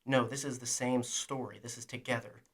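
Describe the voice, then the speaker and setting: A man's voice: medium pitch, level tone, moderate pace, fairly bright tone, husky. A man co-hosting a podcast, chatting casually and enthusiastically, rambling and poking fun at himself. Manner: rambling, enthusiastic, self-deprecating. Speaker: podcast co-host. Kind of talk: casual chat about a TV show.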